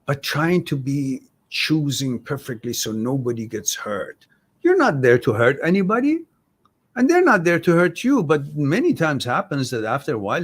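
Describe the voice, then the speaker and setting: A man hosting an advice show, answering viewer questions about relationships in a blunt, direct way, swearing casually and swinging between soft and loud. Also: a little high.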